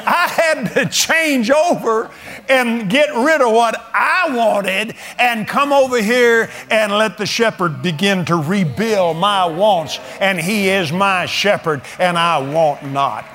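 A man's voice: high voice, slow pace, sharp tone. A man in his seventies preaching a folksy sermon, telling stories with a chuckle and plain colloquial talk. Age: 70s. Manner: storytelling, chuckling, drawling colloquial speech.

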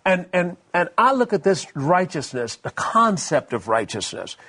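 A man's voice: high-pitched, big pitch swings, moderate pace, sharp tone. A man, a minister co-hosting, sharing testimony in casual preaching conversation with many stammered restarts. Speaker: minister co-host.

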